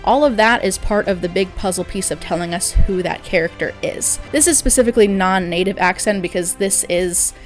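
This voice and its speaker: A woman hosting her own channel, chatting casually about films with frequent fillers and quick laughs. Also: mid-range voice, faint music behind. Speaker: host, film reviewer. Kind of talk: casual commentary.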